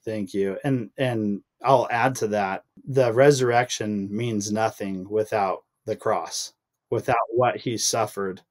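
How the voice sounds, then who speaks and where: With a lowish, steady voice and slow pace, a young man recounts a heartfelt personal testimony on a podcast. He's earnest and emotional in this casual conversation, and his voice rises as he recalls feeling frustrated.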